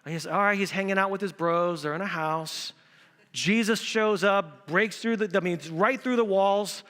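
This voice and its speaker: A male pastor preaching an Easter sermon in a church, animated and acting out quotes in different voices. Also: high voice, moderate pace. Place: church sanctuary. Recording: reverberant church hall.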